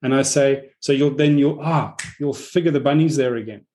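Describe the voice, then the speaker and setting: A man in casual conversation, reflective and animated as he tells stories, with the odd swear word. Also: mid-range voice, normal speed.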